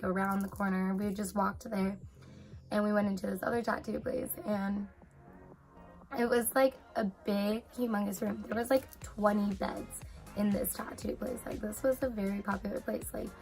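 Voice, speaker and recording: Young adult woman vlogger, chatty storyteller, animated retelling, mid-range voice, soft music bed. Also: medium pitch. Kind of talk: casual storytime chat.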